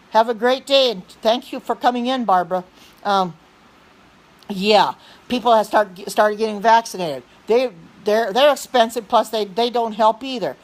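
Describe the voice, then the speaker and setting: Earnest woman preaching on a livestream. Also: mid-range voice. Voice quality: frequent throat clearing. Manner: insistent, repeats herself, restarts sentences. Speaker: livestream host reading chat.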